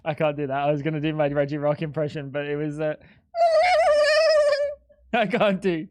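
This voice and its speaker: A live streamer giving casual, excitable gaming commentary to chat, swearing often and mocking their own mistakes. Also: medium pitch, fast talker. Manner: excitable, profane, self-mocking banter.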